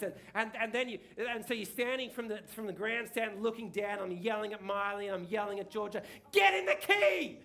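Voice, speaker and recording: Chatty pastor with a high voice. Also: male voice, a bit bright. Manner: chatty, rambling with many restarts and tag questions. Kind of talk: casual sermon. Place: church hall.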